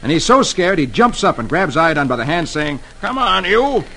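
A man's voice: fairly high pitch, expressive, fairly quick, heavy background noise. A man hosting an old-time radio comic reading, telling the story in a playful, storytelling way. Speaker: host reading the Sunday comics.

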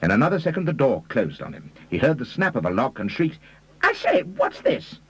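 A man reading a story aloud in a measured storytelling manner. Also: medium pitch, big pitch swings, breathy edge, poor audio. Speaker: audiobook reader. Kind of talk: scripted narration.

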